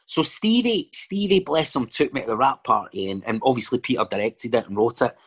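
A Scottish man, an actor and filmmaker appearing as a guest, talks briskly in a mid-range voice with a breathy edge. The conversation is casual, with storytelling, digressions, and plenty of fillers.

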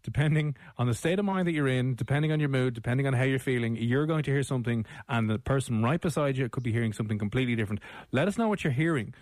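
A man's voice: mid-range voice, racing, a little mellow, dry recording. An Irish man hosting a radio show, chatting casually with lots of fillers and restarts. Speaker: radio host. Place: radio studio. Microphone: studio mic.

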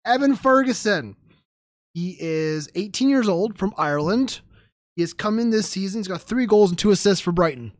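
A man's voice: sits high, animated, no echo, studio quality. Joking man rattling off scores. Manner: brisk, joking, swears casually. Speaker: podcast co-host running through results. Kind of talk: casual football chat.

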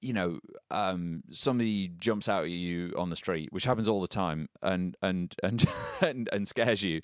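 A man's voice: sits low, a little slow, few pauses, clean tone, no echo, studio quality. A man co-hosting a casual podcast, reflecting aloud and explaining ideas, often restarting his sentences. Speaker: podcast co-host.

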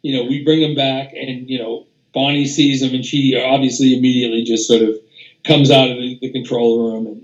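A man's voice: mid-range voice, little pitch movement, brisk, lo-fi sound. An older man, a music producer, telling casual anecdotes as an interview guest, rambling with restarts, fillers and swearing. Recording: roomy echo.

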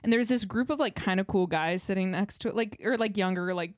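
Young woman, podcast co-host, lively storyteller, dry close mic. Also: mid-range voice, fast, no echo. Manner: animated storytelling, frequent laughs and "like". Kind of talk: casual storytelling chat.

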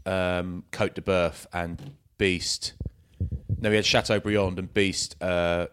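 A man's voice: low-pitched, level tone, slow pace, a bit bright, clear, resonant tone. A man co-hosting a podcast, telling rambling anecdotes with lots of fillers and restarts. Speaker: podcast co-host. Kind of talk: casual chat, storytelling.

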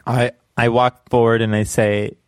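A man taking part in a tabletop game as a player, asking earnest, quick questions. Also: medium pitch, little pitch movement, smooth, no echo, studio quality.

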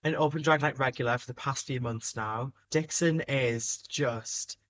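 A man's voice: mid-range voice, moderate pace, a bit bright. Sweary male podcast co-host, faint hiss. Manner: blunt, sweary, enthusiastic. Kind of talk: casual chat.

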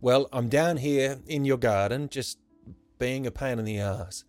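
A man's voice: medium pitch, a little mellow, no echo, faint music behind, voice pushed up, close to an everyday voice. A man doing a nervous, remorseful lover. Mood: hesitant. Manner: halting, earnest, stumbling confession.

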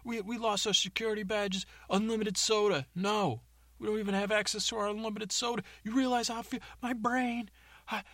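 A man voicing a frantic, whiny male tech worker who has just been fired, ranting in a shrill voice. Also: fairly even intonation, a little fast, fairly bright tone, no echo.

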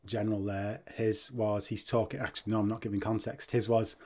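A man's voice: lowish voice, flat delivery, a little mellow. A man co-hosting a casual film podcast, agreeing and laughing easily as he talks through favourite lines. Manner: easygoing, agreeable, quick to laugh. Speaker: podcast co-host.

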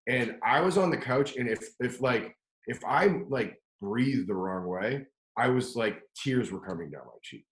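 A man's voice: medium pitch, animated, unhurried, roomy sound, poor audio. A man telling a long story in casual chat, rambling and profane, with lots of "like" and restarts. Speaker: podcast guest telling a story.

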